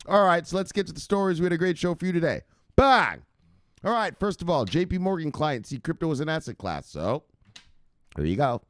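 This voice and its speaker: A man's voice: a little high, animated, fast, dry recording, clean studio sound. A man hosting a crypto news show, giving hyped and profane casual market commentary straight to his viewers.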